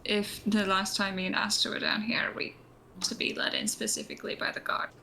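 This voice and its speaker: A woman player in a live tabletop game, her voice bright with a gravelly edge. She asks hesitant questions, and a faint hiss sits under the sound. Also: mid-range voice, little pitch movement, a little fast, poor audio. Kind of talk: tabletop role-play chat.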